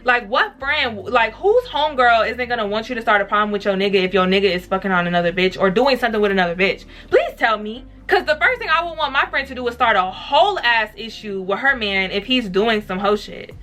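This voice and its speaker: A woman telling a casual storytime to her viewers, blunt, profane and animated. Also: on the high side, brisk, hardly any pauses. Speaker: vlogger.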